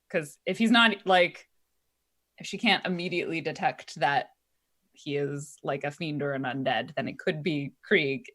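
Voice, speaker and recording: A woman's voice: sits low, a bit bright. A woman playing a tabletop game, thinking aloud hesitantly with many fillers. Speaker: player. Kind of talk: casual tabletop play.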